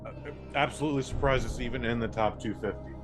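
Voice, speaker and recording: A man's voice: mid-range voice, fast, music in the background. A man co-hosting a podcast in casual banter, blunt and sarcastic, swearing freely. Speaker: podcast co-host.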